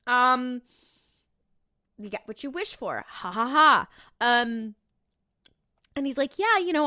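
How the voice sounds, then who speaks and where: A woman's voice: on the low side, bright, forceful tone, no echo, studio quality. A young woman co-hosting a podcast, casually retelling a TV episode with lots of fillers and quoted dialogue. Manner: rambling, filler-heavy retelling with quoted voices. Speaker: podcast co-host. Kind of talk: casual recap chat.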